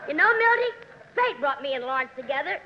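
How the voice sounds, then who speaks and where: A woman's voice: high voice, very animated, quick pace. A brassy, man-chasing dowager. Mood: bawdy. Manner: bawdy, drawling, laughing at own jokes. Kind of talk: 1940s radio comedy acting. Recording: noisy, dull 1940s radio transfer.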